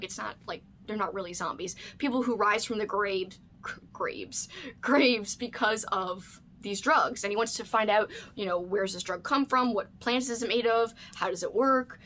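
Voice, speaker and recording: Woman vlogger, casual book chat, excitable and chatty, mid-pitched voice. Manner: chatty and enthusiastic, with frequent "like" fillers. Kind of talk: casual reading vlog chat.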